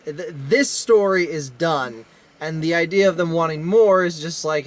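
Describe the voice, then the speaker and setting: A man's voice: on the high side, a little slow. A man chatting casually about a movie he just saw, rambling and restarting his sentences with wry asides, recorded inside a car. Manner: rambling, self-interrupting, wry. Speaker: co-host. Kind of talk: casual movie review chat.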